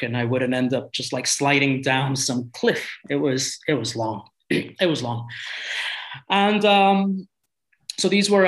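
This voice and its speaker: Halting European man telling a story. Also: a little high, fairly bright tone, rough recording. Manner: halting, with many restarts and repeated words. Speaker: guest. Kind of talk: casual storytelling.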